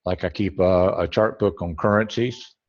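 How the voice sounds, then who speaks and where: A man's voice: sits low, fairly even intonation, moderate pace, a little mellow, dull audio. A man teaching a trading webinar over a screen share, rambling and correcting himself as he thinks aloud.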